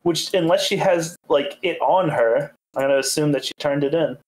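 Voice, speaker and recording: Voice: mid-range voice, moderate pace, darkish tone. Blunt sarcastic player on a noisy mic. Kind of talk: tabletop game chat.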